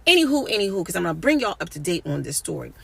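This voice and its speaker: A woman's voice: fairly low pitch, sing-song, racing, gravelly, slightly rough. A woman comedian recounting a story in a blunt, indignant, profane way, talking straight to her listeners. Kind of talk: storytelling commentary.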